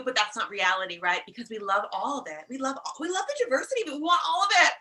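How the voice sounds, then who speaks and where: A woman's voice: high-pitched, big pitch swings, a little fast, hardly any pauses, sharp tone, distant mic, poor audio. A woman life coach on a comedic live stream, talking in a sassy, profane way and calling her listeners darlings. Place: outdoors in a warm country. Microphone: phone live stream.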